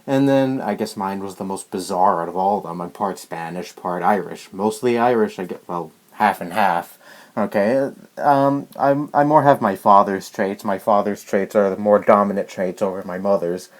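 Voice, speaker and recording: A man's voice: low voice, moderate pace. A young man vlogging a rambling, exasperated rant about a personal story, full of restarts and fillers. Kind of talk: ranting personal story to camera.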